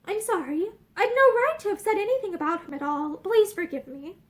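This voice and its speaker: A woman's voice: extremely high pitch, lively intonation, fairly quick. A woman reading aloud and voicing an earnest, sensitive young woman who speaks eagerly and a little tremulously. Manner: eager, slightly tremulous speech.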